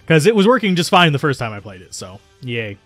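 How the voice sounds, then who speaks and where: A man's voice: a little high, very animated, a little fast, fairly bright tone, no room sound. A man hosting a let's play, commenting casually on the game and correcting himself as he goes. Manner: chatty, self-correcting. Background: faint game music.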